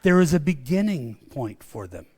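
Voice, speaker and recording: A man's voice: fairly high pitch, very animated, moderate pace, darkish tone, husky. A man preaching a sermon in a conversational way, often repeating and restarting words, and calling his own preaching a rant. He sounds middle-aged and speaks as the pastor of his church.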